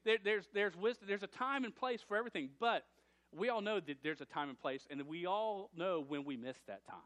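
A male pastor preaching a sermon in an animated way, with stammered restarts and repeated words. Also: high-pitched, a little fast.

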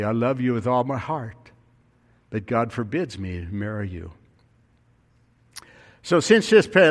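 A man's voice: mid-range voice, long reverb tail. A male pastor telling a story in a sermon, his voice rising and falling with emphasis.

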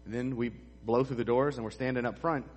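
A man's voice: mid-range voice, steady tone, fairly quick. A middle-aged male pastor preaching a sermon, telling stories in a conversational way with asides to the congregation. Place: church sanctuary. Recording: long hall reverb.

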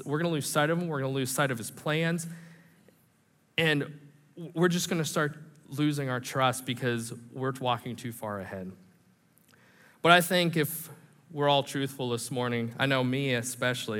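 A man preaching a sermon in a church, animated and conversational, with self-deprecating humor. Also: mid-range voice. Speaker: pastor. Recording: reverberant hall.

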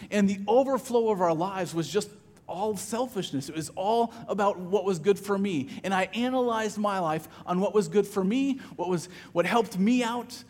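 A man's voice: high-pitched, darkish tone, big-room sound. A man preaching a sermon as pastor, conversational, often repeating words as he starts a phrase.

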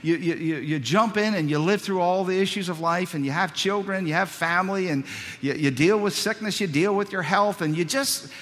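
Preacher in a reverberant church. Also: male voice, high-pitched, brisk. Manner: storytelling, repeats words, swings between loud and hushed. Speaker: pastor. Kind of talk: sermon. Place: church sanctuary. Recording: long reverb of a church hall.

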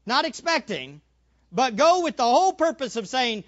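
A male preacher giving a sermon, animated, acting out little scenes and repeating phrases for emphasis. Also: very high voice, moderate pace, muffled recording.

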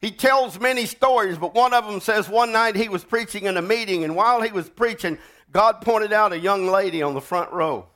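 A man preaching a sermon, telling stories dramatically and swinging from loud to hushed. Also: sits high, moderate pace. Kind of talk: sermon storytelling.

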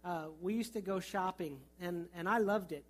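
Man, high-pitched, middle-aged pastor, humorous storytelling sermon. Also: moderate pace. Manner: storytelling with humor and vivid childhood anecdotes.

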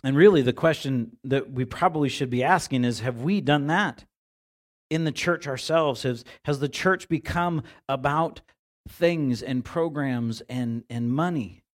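In a church sanctuary, a pastor delivers his sermon in an unhurried, medium-pitched voice. His delivery feels conversational, and he frequently repeats words as he hunts for the right phrasing.

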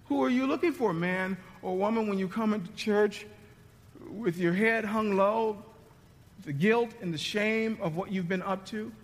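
A male pastor delivering a sermon in a conversational, dramatic way, often dropping to a hushed tone. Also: high-pitched, a little slow, long reverb tail. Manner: conversational, dramatic preaching with sudden drops to hushed tones.

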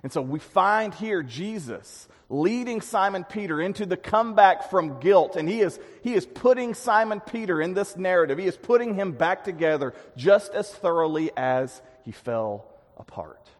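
A man preaching a sermon, earnest and dynamic, with emphatic swells and quiet drops. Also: sits high, animated, normal speed, few pauses. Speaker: pastor. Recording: long hall reverb.

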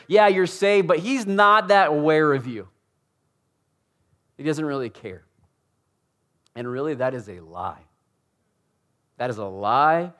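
A man preaching a sermon in a casual, conversational way, swinging from hushed lines to loud ones and slowing down hard on key phrases. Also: medium pitch. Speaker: pastor. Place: church room with audience.

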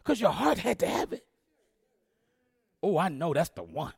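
A male pastor preaching with a fairly high voice. He calls to the congregation and draws responses from them, dropping to a hush and then building loud again. The sound is close and dry. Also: sing-song, moderate pace, creaky, slightly rough, no room sound. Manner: call-and-response preaching, swinging between hushed and loud. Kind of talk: sermon.

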